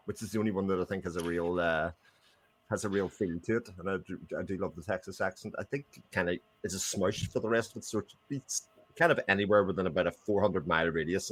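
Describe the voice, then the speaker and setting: A man's voice: low-pitched, fairly bright tone. A man giving his views in a casual, chatty film discussion. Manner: chatty, opinionated.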